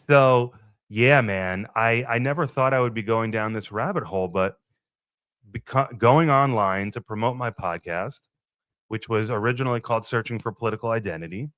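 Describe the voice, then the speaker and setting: Guy rambling on his own podcast, swears a lot, mid pitch, dead dry sound. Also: a bit bright, dry recording. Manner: rambling, musing, swears freely. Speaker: podcast host. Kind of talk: casual solo monologue.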